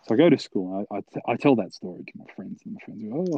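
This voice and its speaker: A man's voice: lowish voice, animated, fast talker, vocal fry, mellow, no echo, highs cut off. A young man telling a long story, rambling and swearing, full of fillers. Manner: rambling, profane, filler-heavy. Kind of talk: casual storytelling.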